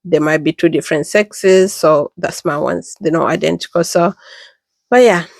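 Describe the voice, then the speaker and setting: A woman in her thirties from the United Kingdom, a mother telling her pregnancy story in a casual, chatty way, jumping up in pitch when she quotes people. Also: moderate pace, creaky, no echo, studio quality. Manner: chatty and animated, acts out quoted voices with pitch jumps.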